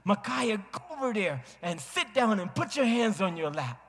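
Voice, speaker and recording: A man preaching a sermon as a pastor, telling a family story dramatically and acting out voices with big swings in pitch. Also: sing-song, normal speed, fairly bright tone. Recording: long hall reverb.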